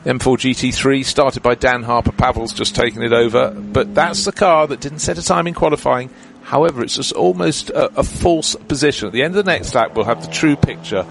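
Gravelly male race commentator, cars roaring. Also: medium pitch, fairly quick, few pauses. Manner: chatty, explanatory, detailed race analysis. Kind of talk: live motorsport commentary. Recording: commentary with loud car noise behind.

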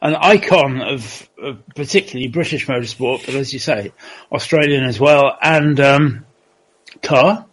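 A man's voice: medium pitch, unhurried, husky, poor audio. A man hosting a casual chat, giving short prompts and affirmations.

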